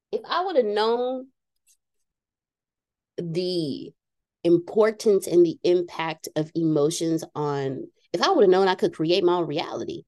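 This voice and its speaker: A woman hosting a casual talk show, laughing often and dropping into quiet asides. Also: lowish voice. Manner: animated, laughs often, drops to a hushed aside. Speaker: host. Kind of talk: casual chat.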